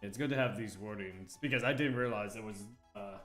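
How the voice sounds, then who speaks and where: A man's voice: fairly low pitch, brisk, a bit bright, soft background music. A man with an American accent, chatting casually and laughing often while streaming a game. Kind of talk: casual let's-play chat.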